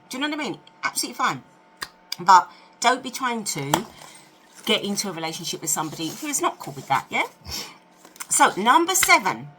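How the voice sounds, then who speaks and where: Chatty, bright-voiced woman in her fifties. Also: mid-range voice, a little hiss or hum. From United Kingdom. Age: 50s. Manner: chatty, animated, asks rhetorical questions. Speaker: lifestyle vlogger. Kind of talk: casual storytelling to camera.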